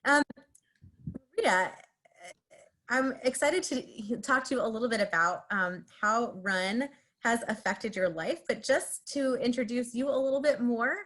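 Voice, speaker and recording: A woman moderating a panel on a video call, introducing a guest and asking her questions in a slightly halting way. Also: a little high, a bit bright.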